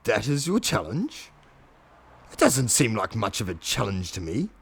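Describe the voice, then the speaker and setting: Man playing a dragon, male, giant villain, pompous, slow, deep, gravelly. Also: huge pitch swings, heavily acted. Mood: haughty. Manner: deep, slow and self-important.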